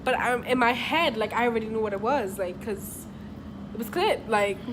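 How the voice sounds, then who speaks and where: Woman, fairly high voice, casual storytime, profane filler-heavy talk, noisy home video. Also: normal speed. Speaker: vlog co-host.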